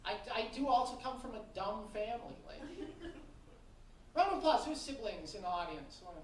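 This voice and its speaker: Brash high-voiced woman comic. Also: very animated, a little fast. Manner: brash, profane, blunt. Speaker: stand-up comedian. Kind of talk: stand-up set. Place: comedy club stage with live audience. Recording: echoey live room, distant mic, noisy.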